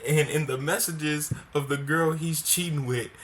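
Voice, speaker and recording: A man's voice: a little high, fairly even intonation, measured pace, a bit bright, a little hiss or hum. A man hosting a reaction video, making amused, incredulous remarks between clips. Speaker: reaction host. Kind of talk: casual commentary.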